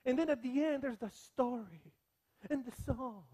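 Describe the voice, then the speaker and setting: A man delivers a sermon from the pulpit with an unusually high-pitched voice. His delivery is animated, and he breaks into quick impressions of the people in his stories. He teaches and jokes with the congregation as he goes. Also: slightly rough. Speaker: pastor.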